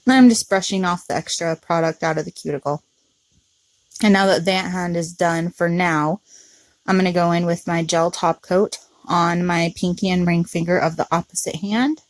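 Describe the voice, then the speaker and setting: Low-voiced woman explaining nail art. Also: normal speed, no echo. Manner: relaxed, chatty, with frequent ums. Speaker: nail art tutorial host. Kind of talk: casual step-by-step tutorial narration.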